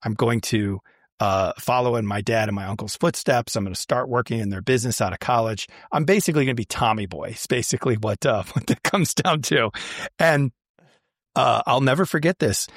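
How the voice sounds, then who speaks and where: A man in a relaxed conversation, recounting his past in a chatty way that is full of restarts and "um"s. His voice sits in an ordinary middle pitch. It is recorded dry, with no room around it. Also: brisk, no room sound. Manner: chatty, many fillers and restarts. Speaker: guest. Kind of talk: casual storytelling.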